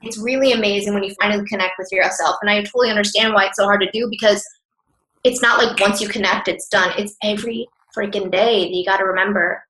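A woman's voice: mid-range voice, steady tone, fast talker, sharp tone. A woman speaking as a podcast guest, earnest and open, with frequent casual fillers. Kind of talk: candid conversational interview. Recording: roomy echo.

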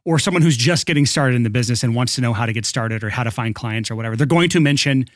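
An upbeat male podcast host talks straight into a close studio mic. The sound is dry and tight with no room behind it, and his pitch sits in an ordinary middle range. He moves easily between a polished ad read and relaxed banter. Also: racing, no echo. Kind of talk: casual podcast chat and read ad.

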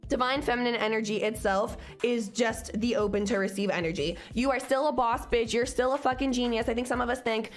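A woman's voice: a little high, a little fast, few pauses, soft background music. A young woman co-hosting a podcast, chatting casually in a loose, profane, confident pep-talk manner. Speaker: podcast co-host. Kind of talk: casual chat.

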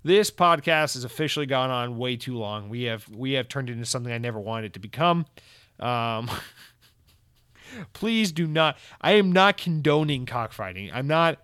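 A man's voice: medium pitch, animated, normal speed, fairly bright tone, smooth, no echo. Casting: male solo podcaster, mid-range voice, dry close sound, sarcastic, profane, jokey rambling. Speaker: podcast host. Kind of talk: casual solo podcast monologue.

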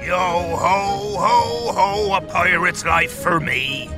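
A man voicing a gruff, boastful British pirate with pirate slang in a podcast skit. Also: sits high, sing-song, measured pace, over music, heavily acted. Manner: pirate slang, growled "arr".

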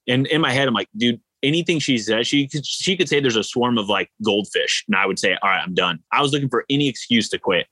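A man, an endurance athlete, telling stories in a casual interview, animated and rambling with lots of fillers. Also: mid-range voice, fast, few pauses, no room sound, poor audio. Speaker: ultra-endurance athlete guest.

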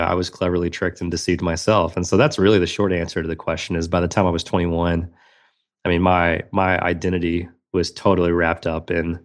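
A man guest on a podcast interview, telling a personal story in an earnest, reflective way. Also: deep voice. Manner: earnest, reflective, with frequent restarts. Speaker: guest, magician and speaker.

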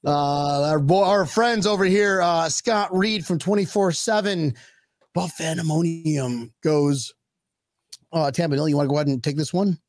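High-voiced joking male podcast host. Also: moderate pace, dry recording. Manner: joking, rambling, laughs often. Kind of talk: casual chat.

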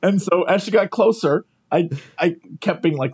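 A man's voice: high-pitched, moderate pace, husky. A man co-hosting a podcast, telling a travel story in a casual chat, laughing often and acting out the voices of the people he met. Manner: animated, laughing, acts out quoted voices. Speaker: podcast co-host. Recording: poor quality microphone.

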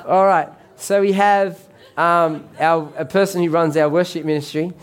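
A man's voice: on the high side, fairly even intonation, moderate pace, a faint crowd. A man preaching a sermon as pastor, conversational and joking with the congregation.

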